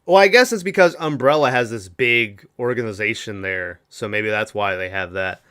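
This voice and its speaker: A man's voice: on the low side, normal speed, pushed and bright, smooth. A man hosting a podcast, recapping a movie in rambling casual chat with acted-out quotes. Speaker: podcast host.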